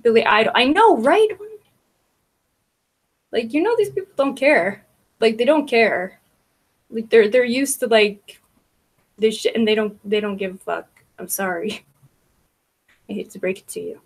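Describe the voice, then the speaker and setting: A woman hosting a casual livestream, rambling about online gossip with frequent laughter, swearing and filler words. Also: on the high side.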